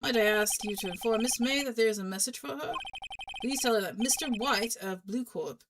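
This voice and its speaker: A woman's voice: on the high side, fairly quick, background noise, close to an everyday voice. A woman voicing a stiff, overly polite male hotel bellboy who speaks formally and keeps adding "sir". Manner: formal, deferential, repeats "sir". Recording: music playing underneath.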